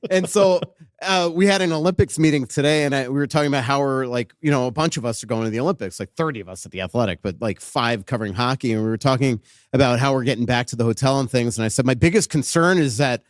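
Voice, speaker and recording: A man hosts a relaxed hockey chat in front of a live crowd. He tells stories with energy and acts out quotes in the middle of sentences. His voice sits in a middle register and sounds close and dry. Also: mid-range voice, fast, no room sound. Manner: animated storyteller, acts out quotes. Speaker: podcast host and hockey writer. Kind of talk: casual chat before a live audience. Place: live podcast in front of an audience.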